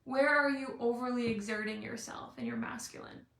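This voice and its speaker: A young woman giving a motivational live talk, bubbly and playful, and she acts out little scenes as she goes. Her voice sits high with touches of vocal fry. The room gives it a noticeable echo. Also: normal speed, fairly bright tone. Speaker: life and business coach.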